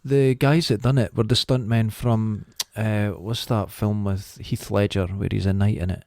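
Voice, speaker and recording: A man's voice: lowish voice, steady tone, normal speed, gravelly, darkish tone, dry recording, studio quality. A Scottish man co-hosting a podcast, telling stories in loose, jokey, casual chat and swearing freely. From Scotland. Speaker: podcast co-host.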